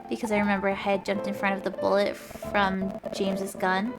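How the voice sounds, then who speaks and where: A woman streamer reading a story aloud for laughs, shouting the quoted lines over the top and breaking off for wry asides. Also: mid-range voice, flat delivery, moderate pace, few pauses. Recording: clear background music under voice. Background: background music.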